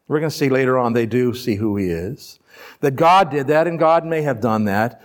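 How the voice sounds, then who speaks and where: A man's voice: mid-range voice, expressive, normal speed. A man preaching a sermon to a congregation, reading scripture aloud and explaining it in a conversational way, with rhetorical questions and playful asides. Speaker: pastor. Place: church before a live congregation.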